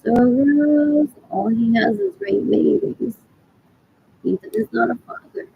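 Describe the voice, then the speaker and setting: Gravelly-voiced woman rambling on a vlog. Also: sits high, animated, slow, phone-quality sound, a little hiss or hum. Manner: repetitive, blunt and profane, often muttering 'what else'; switches between English and Spanish. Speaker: vlogger. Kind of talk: rambling monologue to camera.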